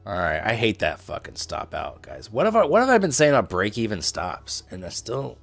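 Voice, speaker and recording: Brief: easygoing Midwestern man, lower register, joking livestream host. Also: huge pitch swings, brisk, creaky, faint music behind. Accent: neutral Midwestern. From Indianapolis, US Midwest. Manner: chatty, joking with chat, playful asides. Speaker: trading livestreamer. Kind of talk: casual livestream commentary.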